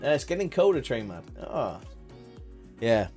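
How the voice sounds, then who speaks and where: A man's voice: medium pitch, sing-song, a little slow, a little mellow. Male streamer, friendly running chat with viewers, faint music underneath. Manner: chatty, greets viewers by name. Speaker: game streamer. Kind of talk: casual live-stream chat.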